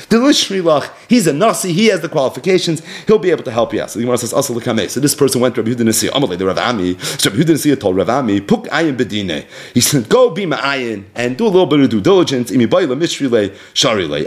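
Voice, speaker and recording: Man teaching Talmud, lively and conversational. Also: mid-range voice. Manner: lively, conversational, chants Aramaic then paraphrases. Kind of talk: Talmud class, translating and explaining.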